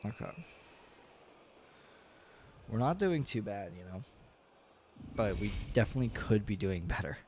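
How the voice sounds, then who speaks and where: Excitable, swearing young man streaming a game. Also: lowish voice, a little slow, pauses often, noisy background. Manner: excitable, swears often, yells at big plays. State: yawning, tired. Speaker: gaming streamer. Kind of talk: casual game commentary.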